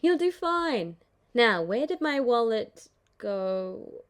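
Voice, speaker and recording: A woman's voice: on the high side, big pitch swings, slow, clean tone. A woman reading the lines of a cheerful, joking young male swordsman in a breezy, teasing way for a fan-fiction audiobook.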